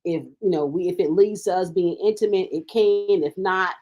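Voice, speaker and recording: A woman's voice: lowish voice, moderate pace, dark tone. A woman co-hosting a casual panel talk show, making her points emphatically and cutting in with "wait, wait".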